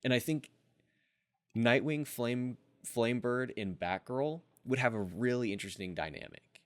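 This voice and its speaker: A man's voice: medium pitch, normal speed. A man hosting a casual podcast chat, rambling through his ideas with lots of "like" and restarts. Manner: rambling, many fillers and restarts. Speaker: podcast host.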